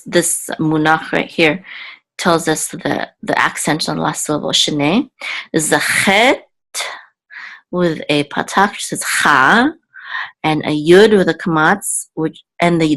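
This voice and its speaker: A woman with a low voice who talks slowly and patiently, explaining each word as she goes. She pauses often, stops to think aloud and corrects herself mid-sentence. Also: fairly bright tone, poor audio. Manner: halting, thinks aloud, frequent ums and self-corrections. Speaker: Hebrew teacher. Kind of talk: slow, patient word-by-word teaching.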